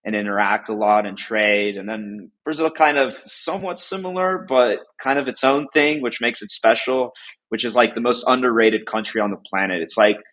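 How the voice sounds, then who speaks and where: A man's voice: lowish voice, normal speed, a bit bright, low-quality recording. A man from the United States, a podcast guest, chatting casually and rambling with lots of "like" fillers. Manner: rambling, heavy use of "like" fillers.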